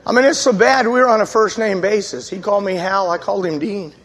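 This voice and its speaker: A man preaching, telling his testimony as a lively story, acting out the voices of the people in it. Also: high-pitched, quick pace, in a large hall, slight background noise. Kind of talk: storytelling sermon.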